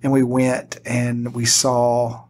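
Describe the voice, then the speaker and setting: With slight background noise behind him, a middle-aged teacher chats casually as a podcast guest, bringing his stories to life by acting out quotes. His mid-range voice moves at a slow pace.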